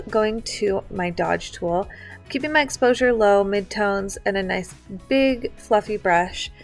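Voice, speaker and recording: A woman's voice: medium pitch, vocal fry. A young woman teaching a live online photo editing class, chatty and step by step, with lots of likes and ums. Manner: chatty, filler-heavy, explains step by step. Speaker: photography instructor. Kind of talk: casual screen-share tutorial. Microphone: computer mic on a live online class.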